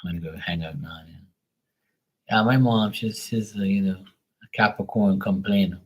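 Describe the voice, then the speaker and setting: A man's voice: low voice, normal speed, poor audio. A man hosting a livestream, rambling casually with lots of swearing and talking to his dog. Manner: loose and profane, rambling, chatting to a pet and viewers. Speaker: tarot reader livestream host. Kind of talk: casual chat.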